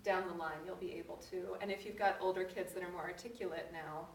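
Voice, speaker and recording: A woman's voice: on the low side, steady tone, fairly quick, gravelly. Woman workshop host, earnest and personal, echoey room, a bit far from the mic, faint room noise. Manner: earnest, personal storytelling with laughs. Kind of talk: live workshop talk to a group. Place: room with an audience.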